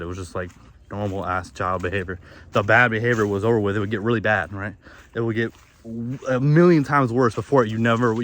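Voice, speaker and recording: A man's voice: lowish voice, a bit bright. A young man outdoors in the woods, rambling candidly and profanely through a confessional monologue, often restarting his sentences. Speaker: vlogger.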